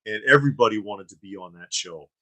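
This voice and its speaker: A man's voice: on the low side, quick pace, bright, forceful tone, rough recording. A man co-hosting a live stream, chatting casually and reading viewer comments, rambling with fillers and restarts. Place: studio.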